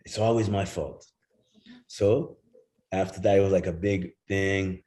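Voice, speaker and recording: A man's voice: low-pitched, steady tone, measured pace, mellow, rough recording. A middle-aged man from Jamaica, a former football player, telling casual stories as a guest, acting out other people's lines, swearing freely and laughing often. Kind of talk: casual storytelling.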